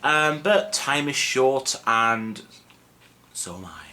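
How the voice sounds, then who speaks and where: A young man teaching a casual video lesson in a relaxed, self-mocking, chatty way with lots of fillers. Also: medium pitch, takes it slowly. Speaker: Welsh language teacher. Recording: faint background noise.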